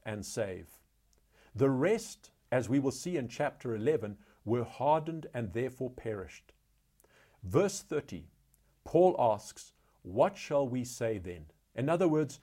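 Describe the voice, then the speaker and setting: A man teaching a Bible study in a measured, deliberate way, reading scripture passages aloud and explaining them. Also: mid-range voice, dark tone.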